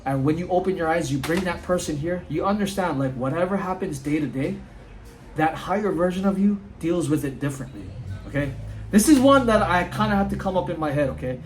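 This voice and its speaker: High-voiced man giving casual motivation. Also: animated, a little fast, soft background music, rough recording. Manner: earnest, says "dude" and "like" often. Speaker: motivational vlogger. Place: outdoors at his home.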